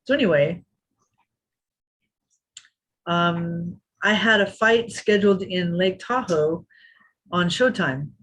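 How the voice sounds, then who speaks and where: Woman telling a lively story. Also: lowish voice, takes it slowly, long pauses, husky. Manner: lively anecdote teller who acts out quotes. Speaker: interview guest. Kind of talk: storytelling in a podcast interview.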